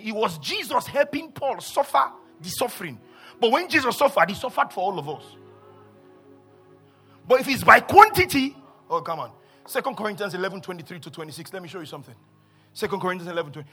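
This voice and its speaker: Man, pastor, animated sermon, bright tense voice, husky, faint music. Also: sits high. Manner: animated preaching, swings from murmurs to shouts; acts out scripture voices and asides.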